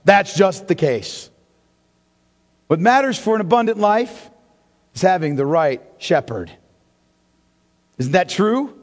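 A man preaching a sermon in a church, impassioned and swinging between loud and hushed delivery. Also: sits high, big pitch swings, slow, long pauses. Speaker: pastor. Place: church sanctuary. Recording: long hall reverb.

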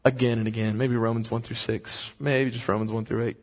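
A man preaching a sermon, earnest and impassioned, moving into slow prayer. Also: medium pitch, flat delivery. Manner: impassioned, rising to fervent pleading when reading aloud.

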